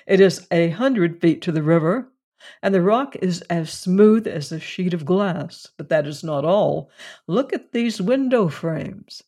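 Solemn reasoning man, read out by a narrator, unhurried and weighty. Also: sits high, expressive, a little mellow, exaggerated voice. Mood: probing. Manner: measured and weighty. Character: grave, solemn man who reasons like a preacher.

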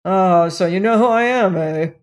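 A woman voicing a rough, surly colonial man who growls his words loudly and bluntly. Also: on the low side, normal speed, lightly acted. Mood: gruff, challenging. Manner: growling, loud and challenging.

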